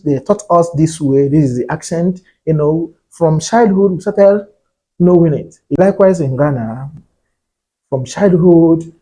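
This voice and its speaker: A man's voice: mid-range voice, mellow, husky, rough recording. A man from Nigeria, talking casually to his viewers as a vlogger and often repeating himself. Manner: chatty, repeats himself, drops in "you get". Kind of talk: casual talk to camera.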